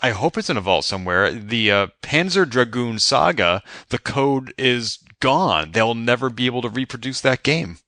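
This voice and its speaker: A man's voice: mid-range voice, expressive, moderate pace, hardly any pauses, bright, forceful tone, no room sound, studio quality. A man hosting a casual podcast chat, asking wry questions and laughing easily.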